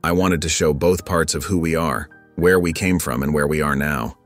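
A quiet, reflective young artist boy, voiced by a man in an audio story. The voice is very deep, with faint music underneath. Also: normal speed.

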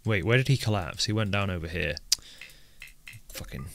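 A man's voice: low voice, moderate pace, gravelly, pushed and bright. A man with a light Northern English accent, chatting casually while live-streaming a colony game and reading chat aloud. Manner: chatty, reads chat aloud, swears at characters.

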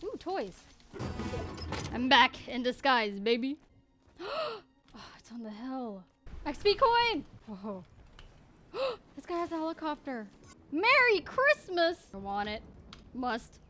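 Young woman game streamer, excitable and squealy, very high and bouncy voice. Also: soft background music. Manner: excitable, squealing, quick to laugh and shout. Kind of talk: live gameplay commentary.

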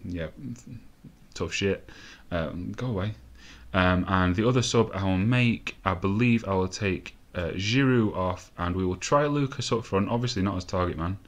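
Young male gamer host, lowish voice, loose, excitable and profane play-by-play at his desk mic. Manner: sweary, excitable, rambling asides. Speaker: gaming let's-play host. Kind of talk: casual live game commentary.

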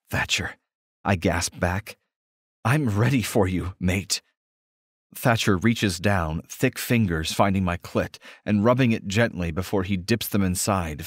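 A man narrating an audiobook romance in the first person with a steady, intimate reading. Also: low voice, dry recording, studio quality.

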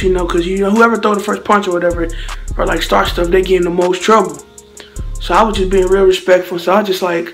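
A man's voice: high voice, quick pace, soft background music. A young man from Slidell, telling a story casually in slang and acting out the blows with sound effects. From Slidell, Louisiana. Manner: animated, slangy, acts out hits with sound effects. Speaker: vlogger.

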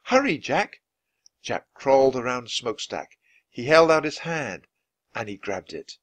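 A man reading a children's book aloud, with expressive, lively narration. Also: mid-range voice, moderate pace, no echo. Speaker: storyteller.

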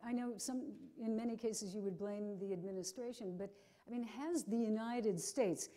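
Woman interviewer with a mellow voice. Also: medium pitch, normal speed. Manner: hesitant, with fillers and restarts while framing questions. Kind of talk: forum conversation.

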